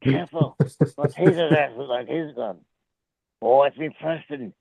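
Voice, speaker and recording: A man doing a put-on Australian accent as an excitable wildlife showman, giving crude, profane commentary over a tinny phone-like line. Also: on the high side, normal speed, vocal fry, husky, dry recording. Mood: excited.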